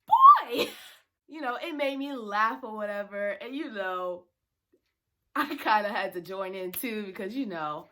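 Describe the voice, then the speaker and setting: Young woman vlogger, bright tone, lively storyteller who acts out the voices. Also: mid-range voice, measured pace. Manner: chatty, animated, acts out quoted voices. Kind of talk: storytime vlog.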